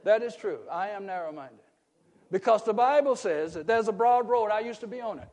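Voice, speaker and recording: A preacher man with a very high voice delivers a sermon with strong emphasis. He puts questions to his listeners, and his voice climbs into forceful shouts on key points. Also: expressive, fairly quick. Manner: asks the congregation questions and rises to emphatic shouts. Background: congregation calling out responses.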